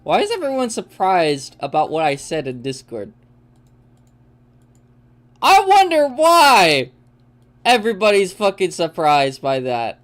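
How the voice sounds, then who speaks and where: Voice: medium pitch, very animated, normal speed, few pauses. A young adult streamer in casual, joking banter with friends during a live game session, laughing often and swearing freely. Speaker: gaming streamer.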